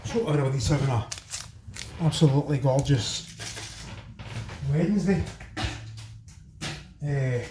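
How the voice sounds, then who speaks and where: Here the Scottish host of a home cooking channel speaks at medium pitch, unhurried and pausing often, as he cheekily chats straight to his viewers like folks while working in the kitchen. Expect casual cooking demo talk, a roomy echo, and faint noise behind him.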